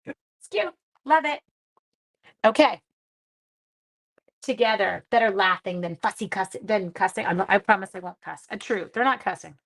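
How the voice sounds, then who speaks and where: Middle-aged woman, crafting demo at home, casual chatter to viewers, gravelly fry. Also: mid-range voice, moderate pace, pauses often, fairly bright tone. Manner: chatty, self-deprecating, greets viewers by name. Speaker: craft demonstrator, livestream host.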